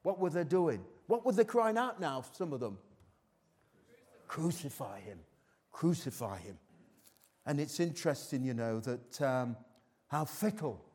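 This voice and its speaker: A man's voice: high voice, darkish tone. A middle-aged man preaching a live sermon in a church, who teases his congregation and asks many rhetorical questions. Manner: chatty, teasing the congregation between points. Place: church hall before a congregation.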